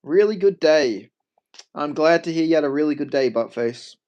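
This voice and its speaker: A man's voice: on the high side, lively intonation, normal speed, a little mellow, lo-fi sound. Joking Australian man streaming. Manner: joking, reads and answers chat, swears freely. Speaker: MMA streamer. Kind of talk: casual livestream chat.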